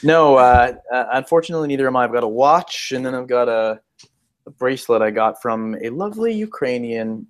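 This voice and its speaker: A man co-hosting a casual podcast, who talks in a hesitant, halting way, restarting his sentences. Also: mid-range voice, lively intonation. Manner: hesitant, many fillers and restarts. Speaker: podcast co-host, lawyer.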